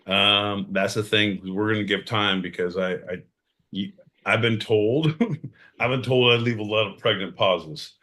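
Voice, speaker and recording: A man co-hosting a podcast in casual comedic banter, loud and profane with sudden bursts of energy. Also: lowish voice, measured pace. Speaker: podcast co-host.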